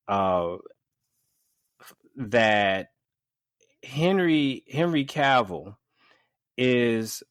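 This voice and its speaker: Slow-talking male podcast host, dry sound. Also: fairly low pitch, fairly bright tone, no echo. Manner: rambling, hesitant, restarts and trails off. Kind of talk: casual podcast chat.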